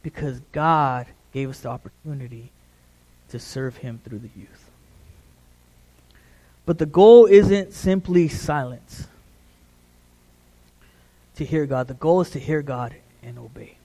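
A middle-aged man preaching a sermon in a relaxed, conversational way, often checking in with the congregation. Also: medium pitch, takes it slowly, long pauses. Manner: conversational, repeats "right?" to the congregation.

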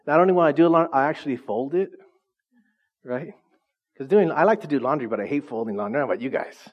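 A middle-aged male pastor preaching a lively, conversational sermon, often asking the congregation questions. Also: fairly high pitch, brisk, long pauses. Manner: asks the congregation frequent questions. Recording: dull lo-fi sound.

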